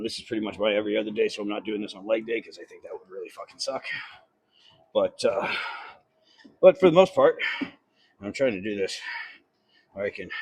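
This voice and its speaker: A man's voice: fairly low pitch, darkish tone, husky, dry recording. A man vlogging from a treadmill after a workout, out of breath, talking in a rambling, profane, casual way into a phone held close. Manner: rambling, profane, self-deprecating. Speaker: fitness vlogger. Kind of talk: casual vlog chat. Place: gym, on an incline treadmill.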